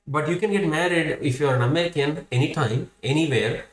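A man's voice: fairly high pitch, fairly quick. A young man hosting a podcast, delivering a casual comedic monologue in a profane, ranting, wry way. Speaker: podcast host. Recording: roomy, distant mic.

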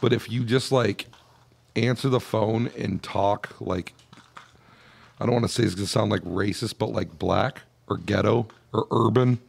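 A man's voice: lowish voice, steady tone, normal speed, gravelly, breathy edge. A young man co-hosting a podcast, chatting casually in a rambling, profane way. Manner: rambling, profane, laid-back. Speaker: podcast co-host. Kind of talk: casual chat.

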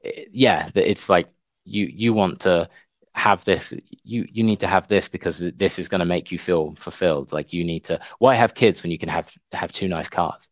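Deep voiced guy on a podcast, ex-teacher, thinks out loud with lots of likes, dry sound. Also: normal speed, dry recording. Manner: thinks aloud, hedging with filler words. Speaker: podcast co-host, former teacher. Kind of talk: casual podcast chat.

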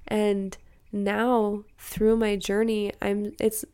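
A woman's voice: mid-range voice, little pitch movement, drawn-out words, a little mellow, clean tone. A young woman from Utah, a podcast guest talking earnestly and emotionally about prayer and spirituality. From Salt Lake City, Utah. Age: young adult. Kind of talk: casual spiritual interview talk.

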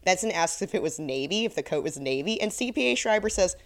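This podcast co-host talks fast and animatedly in a lowish voice, with a slight lisp. During a casual recap chat she wryly reads out quotes from her episode notes.

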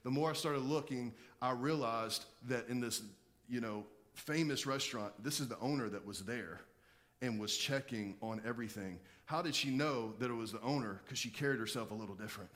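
A man's voice: mid-range voice, fairly quick, fairly bright tone. A male pastor giving a sermon with emphatic preaching and rhetorical questions to the congregation.

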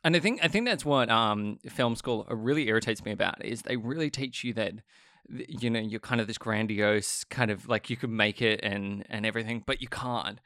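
Thoughtful young writer. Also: male voice, fairly low pitch, moderate pace, a bit bright, no room sound, studio quality. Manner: thoughtful, hesitant with fillers. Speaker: writer and podcast host. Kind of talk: casual conversation.

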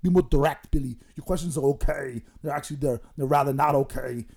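A man's voice: mid-range voice, steady tone, fast talker, creaky, a little mellow, slightly rough. A man doing a comic impression of a boastful bodybuilder, rambling and giggling through mock threats. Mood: scolding. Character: boastful bodybuilder impression, male, middle-aged, menacing-jolly. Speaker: comedy guest in character.

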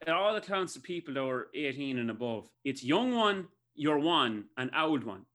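An Irish man co-hosting a podcast over a video call, joking excitably and laughing a lot in casual banter. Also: fairly high pitch, moderate pace. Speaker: podcast co-host.

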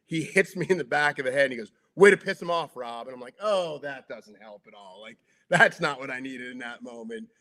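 A man's voice: mid-range voice, brisk, few pauses. A middle-aged man, a sports broadcaster, telling locker-room stories in a casual chat, acting out the quotes and using lots of filler words. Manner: lively storyteller acting out quotes, many "like" fillers. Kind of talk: casual anecdotal storytelling.

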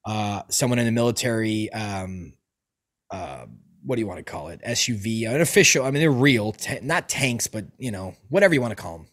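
A man's voice: on the low side, expressive, a little fast, a bit bright. Give me a rambling, swearing male podcast host. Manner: profane, rambling storytelling with many restarts. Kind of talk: casual chat.

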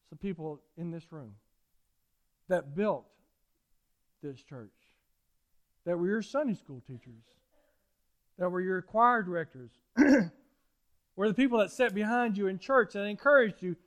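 A middle-aged preacher with a notably high voice. He tells folksy, animated stories from the pulpit, circling back to repeat his points. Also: unhurried, long pauses. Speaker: pastor. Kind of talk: sermon.

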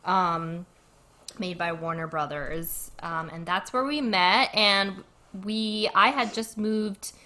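A woman in her thirties from Rhode Island talks in a bright, forceful voice with her home accent coming through. She chats freely as a podcast co-host and breaks into laughter often. Her pitch sits in a middle range. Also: fairly even intonation, slow pace. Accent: Rhode Island (Cranston). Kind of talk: casual chat.

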